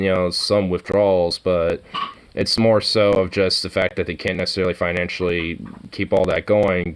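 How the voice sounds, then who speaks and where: A man's voice: low-pitched, slight background noise, low-quality recording. A man in a casual, rambling monologue, swearing a lot and full of fillers.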